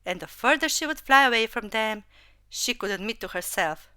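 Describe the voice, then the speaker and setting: A woman narrating a story about robots in a slow, gentle storytelling manner, close to the mic. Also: a little high, expressive, smooth, no echo.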